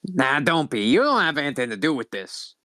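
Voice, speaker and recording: Man doing a raspy weary alien lady leader. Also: a little high, sing-song, fairly quick, sharp tone, dry recording, clean studio sound.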